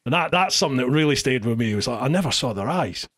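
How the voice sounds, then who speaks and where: A middle-aged man, a podcast host telling a story in casual chat, lively and acting out the shouts he quotes. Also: mid-range voice, racing, breathy edge. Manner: animated, acts out shouted quotes, many restarts.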